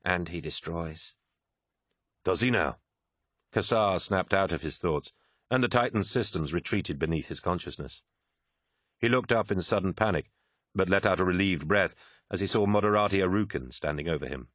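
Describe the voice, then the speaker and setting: A man narrating an audiobook in a measured, grave manner. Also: low voice, expressive, a bit bright, no echo, clean studio sound.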